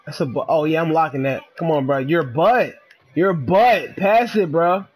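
A man giving excitable, trash-talking commentary while he plays a game, dropping to low mutters and then bursting into shouts. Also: normal speed. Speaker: gamer. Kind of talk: live gameplay commentary.

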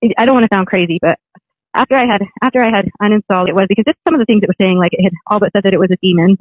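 Rambling storyteller: man, quick delivery, dry and close. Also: high voice, no room sound, dull audio. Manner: rambling, with many restarts. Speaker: guest recounting a personal experience. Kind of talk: casual storytelling.

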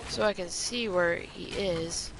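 A woman giving live commentary on an online shooter game, chatting to viewers and reacting excitedly to the action. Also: lowish voice, a little slow, noisy background. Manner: excitable, talks to viewers while playing, mild exclamations. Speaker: gaming commentator.

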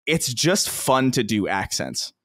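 Rambling man with lively pitch. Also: slow pace, no echo, studio quality. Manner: rambling, laughs often, many restarts. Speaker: podcast co-host. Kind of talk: casual chat.

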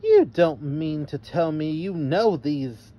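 A man voicing a loud, rude, bossy girl in a storybook reading. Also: a little high, expressive, slow pace, lo-fi sound, a little hiss or hum. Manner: brash, bossy.

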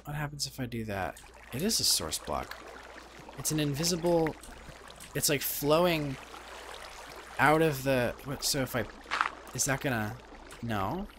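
A man giving rambling, excitable commentary as he plays a video game. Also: mid-range voice, measured pace, pauses often, noisy background. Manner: rambling, self-interrupting, excitable. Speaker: let's play host. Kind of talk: casual gameplay commentary. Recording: game music playing behind.

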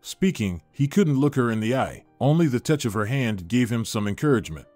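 A man reading a scripted dramatic story aloud as narrator, in an expressive storyteller voice. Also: mid-range voice, brisk, dry recording, faint music behind.

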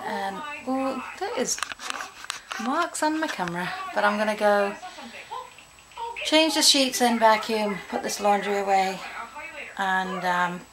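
English lady rambling on her home vlog, middle-aged, bit of background noise on the camera. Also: mid-range voice. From England. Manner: chatty, rambling, talks to viewers directly. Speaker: vlogger. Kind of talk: casual daily vlog chat. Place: at home, indoors.

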